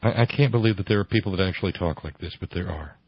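A man's voice: sits low, quick pace, slightly rough, dry recording, highs cut off. A man hosting a radio talk show, giving sarcastic, incredulous commentary into a close mic.

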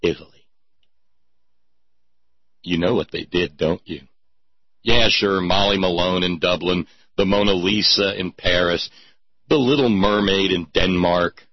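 A man's voice: sits low, unhurried, long pauses, no room sound, muffled recording. A man delivering a sarcastic, mocking commentary monologue with theatrical emphasis.

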